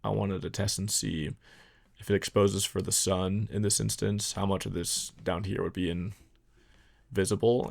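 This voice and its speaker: Low gravelly young man vlogging. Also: normal speed. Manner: relaxed, self-deprecating, rambling with fillers. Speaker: photography vlogger. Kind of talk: casual vlog narration.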